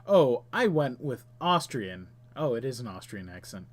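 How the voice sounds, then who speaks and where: A man's voice: mid-range voice, sing-song, unhurried. A man hosting a game stream, chatting casually and reading the game's text aloud while muttering to himself as he plays.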